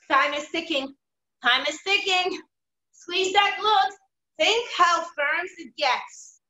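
A woman's voice: extremely high pitch, bright, forceful tone. A woman fitness instructor leading a live online workout, energetically calling out counts and form cues. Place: home workout room on a video call. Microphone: video call, away from the mic. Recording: echoey room, distant mic.

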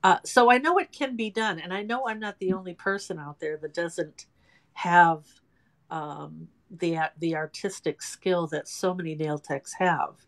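A woman in her sixties with a lowish voice talks in a chatty, self-deprecating way as a guest in a casual interview. She speaks from her home salon. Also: a little slow. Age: 60s. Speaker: guest, home nail technician.

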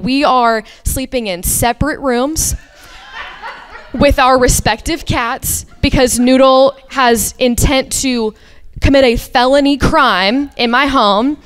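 A young woman tells a funny personal story on a live story slam stage. Her delivery is rambling, full of fillers and swearing. Her voice sits a little high and comes through clear and smooth. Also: a bit bright. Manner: rambling, profane, comic, lots of "like".

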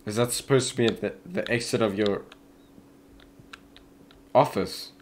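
A man's voice: on the low side, fairly even intonation, a little slow, slight background noise. A young man commentating as he plays a horror game, chatty and easily startled, yelping at scares. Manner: jumpy, yelps and shouts at scares, says "yo" a lot. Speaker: gaming youtuber.

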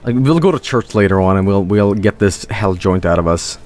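Rambling man with lively pitch swings. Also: fairly quick. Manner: rambling, swearing, sudden high-pitched outbursts. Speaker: streamer playing a game. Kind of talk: casual gameplay commentary.

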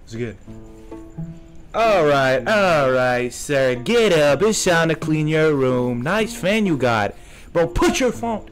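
A man's voice: a little high, lively intonation, takes it slowly. A young man casually commenting while playing a game, joking and talking back to the characters in slangy speech. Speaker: gaming streamer. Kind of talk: let's play commentary. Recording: faint game music behind.

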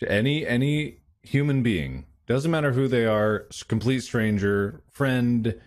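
An animated man tells a story in a casual chat, now and then acting out the other people in it. His pitch sits in the middle for a man. His voice rises and falls a lot. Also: measured pace. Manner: animated, acts out voices while telling stories. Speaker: podcast co-host.

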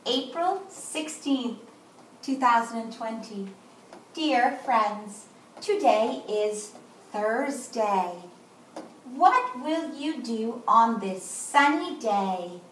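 A woman teaching kindergarten, slow and sing-song and encouraging as she spells out letters and sounds for young children. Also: fairly high pitch, animated, a little hiss or hum. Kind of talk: recorded morning lesson for young children. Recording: roomy echo, voice a bit far from mic.

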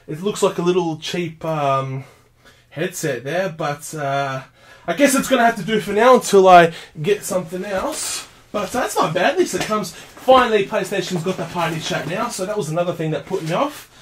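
An excitable man chatting casually through a console unboxing for his vlog, calling everyone mate. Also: sits high, normal speed. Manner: excitable, says mate a lot. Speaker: gaming vlogger.

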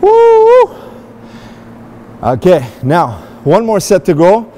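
A man's voice: a little high, animated, moderate pace, a little mellow, a little hiss or hum. A man in an indoor gym demonstrating and explaining a workout, in an upbeat coaching manner that speaks straight to his viewers. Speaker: fitness vlogger.

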